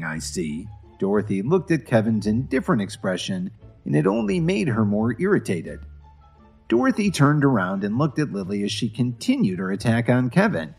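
A man narrating a scripted story in an expressive, animated reading. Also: lowish voice, vocal fry, breathy edge.

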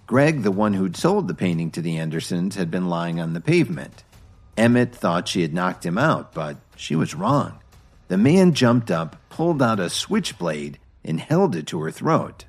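Male narrator, low husky voice, lively delivery, faint background music. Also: moderate pace. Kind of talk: scripted narration.

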